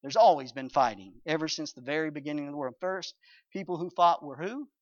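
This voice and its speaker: An older man preaching a sermon and reading scripture aloud, swinging between loud and soft and drawing out key phrases. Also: a little high, brisk. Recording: dull lo-fi recording.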